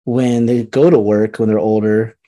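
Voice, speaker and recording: A man with a mellow, rounded tone hosts the chat and answers his guest in a loose, rambling way, with plenty of fillers as he works toward his point. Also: lowish voice, steady tone, normal speed. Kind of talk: casual interview chat.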